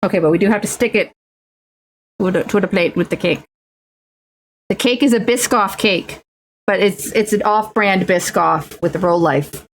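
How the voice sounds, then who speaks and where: A woman's voice: mid-range voice, moderate pace, long pauses, slight background noise. A young woman streaming as she builds miniatures, chatting playfully and making silly sing-song noises. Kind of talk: casual chat while crafting miniatures.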